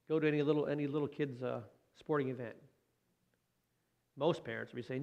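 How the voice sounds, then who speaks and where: A man's voice: mid-range voice, steady tone, fast, gravelly, lo-fi sound. A man preaching a conversational sermon as a pastor. He talks in a folksy way, asks the listeners questions and adds light joking asides.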